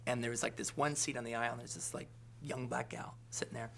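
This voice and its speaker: A film director in an interview, telling an anecdote in a rambling way, full of fillers and asking "all right?" again and again. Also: male voice, medium pitch, steady tone, fast talker, creaky, fairly bright tone, slight background noise.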